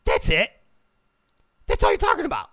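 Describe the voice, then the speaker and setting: A man's voice: sits high, huge pitch swings, moderate pace, pushed and bright. A man hosting a political talk show, giving an opinionated monologue, emphatic, repeating phrases and stammering on restarts.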